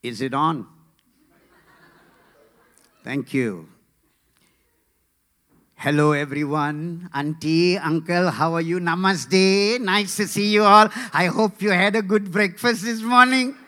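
A man's voice: high-pitched, very animated, takes it slowly, exaggerated voice. A man doing an overly polite Indian villain. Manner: chatty, warmly polite.

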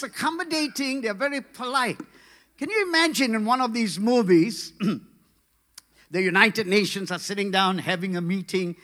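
A male pastor delivering a humorous sermon, animated and building to rhythmic preaching. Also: high-pitched.

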